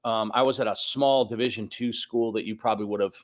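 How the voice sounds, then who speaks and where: A man's voice: fairly low pitch, steady tone, quick pace. A man in his fifties telling a long personal story as a guest on a podcast, acting out the voices of the people he quotes. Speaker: guest soccer coach. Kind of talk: casual storytelling interview.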